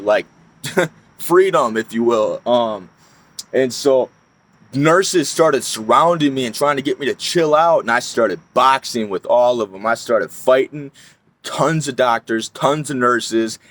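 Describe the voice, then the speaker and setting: Rambling, profane young man telling a story. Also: medium pitch. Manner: rambling, profane, frequent fillers and restarts. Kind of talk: casual storytime monologue.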